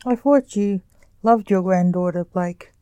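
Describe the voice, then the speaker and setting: A woman voicing a teasing, barbed male vampire sorcerer in a slow storybook reading. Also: mid-range voice, dark tone, smooth, no echo, lightly acted.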